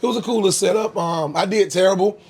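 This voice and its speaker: High-pitched, gravelly and a bit breathy, this fast-talking young Floridian is a comedian guest in a relaxed interview. He spins stories in a laid-back way, often dropping "um" and breaking into laughter.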